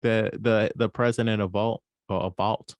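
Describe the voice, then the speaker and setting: A man with a fairly low voice chats in a relaxed, playful way and acts out little imagined quotes. The recording is dry and close. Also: normal speed, dry recording, dull audio. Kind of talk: casual chat.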